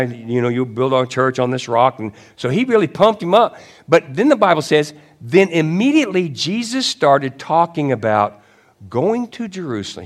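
A man preaching a sermon in an easygoing, conversational way. He rambles into asides and corrects himself mid-sentence, and his voice sits at a middling pitch. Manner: conversational preaching, acts out quotes with rising pitch and shouts. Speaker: pastor.

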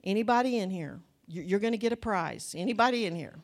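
A woman's voice: mid-range voice, animated, fast, hardly any pauses. Chatty woman in her sixties preaching. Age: 60s. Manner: chatty, asks the audience questions. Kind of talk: conversational sermon.

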